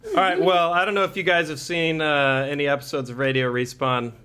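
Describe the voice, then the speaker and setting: A man's voice: a little high, little pitch movement, a little fast, bright, forceful tone, smooth. Joking male podcast host. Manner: mock-serious, self-deprecating banter. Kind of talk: joking podcast-style radio chat.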